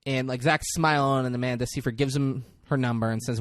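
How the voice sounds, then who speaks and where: This co-host's intonation is fairly even and he talks fairly quickly, recorded with clean studio sound and no echo. On a casual movie recap podcast, he goes scene by scene, swears freely, and acts out lines with big jumps in pitch and volume.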